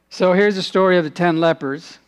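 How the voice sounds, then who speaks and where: A man delivers a sermon in a notably high, light voice. He preaches earnestly and sinks to a hushed tone in prayerful moments. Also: clear, resonant tone. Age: adult, father has passed away. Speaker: pastor.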